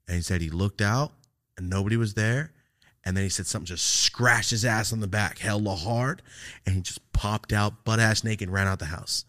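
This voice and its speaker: A man's voice: deep voice, fairly quick. A young man from California, a podcast host, telling stories in casual chat, swearing constantly and laughing often. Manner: animated storytelling, laughs a lot, cusses constantly.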